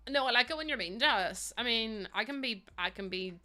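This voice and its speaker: A young woman chats her way through a live game stream, teasing her viewers and laughing a lot as she reads their comments. Her voice sits a little high and rings bright and sharp. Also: lively intonation, brisk, soft background music. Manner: chatty and teasing, laughs often, reads out chat. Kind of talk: casual live-stream chat.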